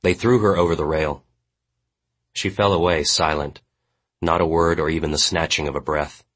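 A man reading literary fiction aloud as an audiobook narrator, in a measured, grave way. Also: extremely low pitch, fairly even intonation, a bit bright.

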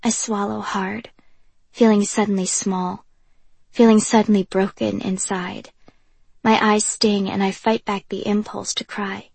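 A woman narrating a first-person audiobook in a soft, even reading voice. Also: mid-range voice, measured pace, creaky, husky, dry recording.

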